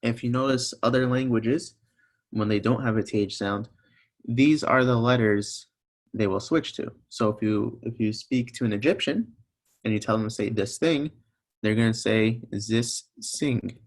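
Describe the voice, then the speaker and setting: A man's voice: mid-range voice, normal speed. A young man teaching a recorded language lesson, patiently explaining each sound step by step and repeating examples.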